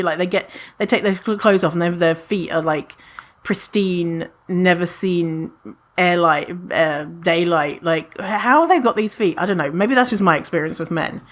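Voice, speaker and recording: A woman hosting a solo podcast in a casual, animated way. She swears freely, laughs often and acts out other people's imagined thoughts. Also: lowish voice, normal speed. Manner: laughs often at her own remarks. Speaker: podcast host.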